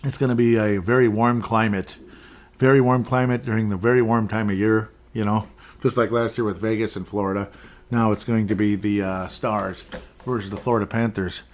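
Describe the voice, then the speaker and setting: A man's voice: lowish voice, fairly even intonation, a little fast. A man hosting a podcast, talking casually through sports predictions, rambling and correcting himself, often chuckling. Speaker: podcast host.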